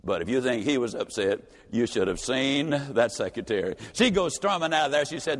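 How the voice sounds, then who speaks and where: A man's voice: medium pitch, expressive, normal speed, hardly any pauses. A man giving a motivational speech, telling a story in a folksy, emphatic way with repeated refrains. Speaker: motivational speaker. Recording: reverberant hall.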